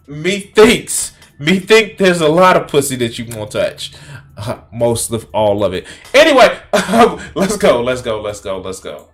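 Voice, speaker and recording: A man's voice: a little high, very animated, measured pace, a bit bright. A man streaming and reacting to a video in casual, profane, incredulous commentary.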